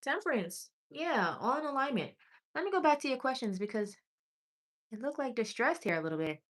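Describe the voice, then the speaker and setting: A woman's voice: high-pitched, big pitch swings, fairly bright tone. A woman doing tarot readings on a livestream, reading chat aloud and calling viewers honey and sweetie. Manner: chatty and affectionate, calls viewers honey and sweetie; reads chat aloud while scrolling, with pauses and restarts.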